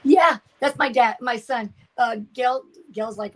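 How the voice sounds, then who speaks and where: An older woman chats casually on her craft livestream in a fairly high voice. She reads viewer comments aloud and often trails off while searching for words. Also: moderate pace, a bit bright, poor audio.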